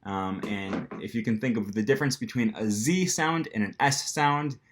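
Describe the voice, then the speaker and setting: A man's voice: on the low side, moderate pace, fairly bright tone, slight background noise. A man with an American accent teaching pronunciation to camera in a casual manner, with frequent ums, and acting out the sounds himself. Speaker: language teacher.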